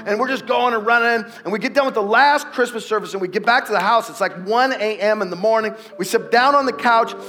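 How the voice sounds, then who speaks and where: A middle-aged male pastor preaching a sermon, telling a family story with animated delivery and building to shouted exhortation before a congregation. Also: high-pitched, quick pace, hardly any pauses, soft background music. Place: church sanctuary before a congregation.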